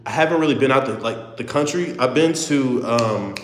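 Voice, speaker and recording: A man's voice: mid-range voice, animated, normal speed, a little hiss or hum. Earnest young guy in an echoey room. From Houston, Texas. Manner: rambling and earnest, full of "bro" and restarts. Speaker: livestreamer. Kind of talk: casual live chat with viewers. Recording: echoey room with long reverb.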